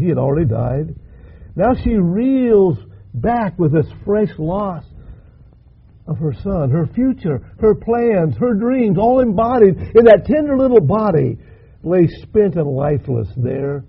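Raspy, gravelly older preacher. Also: male voice. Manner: dramatic, impassioned preaching with big swells in pitch and volume. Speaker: pastor. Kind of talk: sermon. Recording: dull lo-fi recording.

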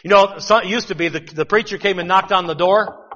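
A man's voice: sits high, a little fast, bright, forceful tone, long reverb tail, muffled recording. A man preaching a sermon, talking conversationally and asking rhetorical questions.

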